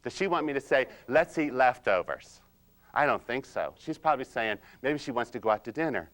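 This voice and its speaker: A man playing a quiet, precise, nerdy analyzer-type husband in comedic role-play, slow and hesitant with many ums and "you see?". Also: mid-range voice, expressive, natural voice. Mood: deadpan nerdy. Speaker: personality-styles trainer.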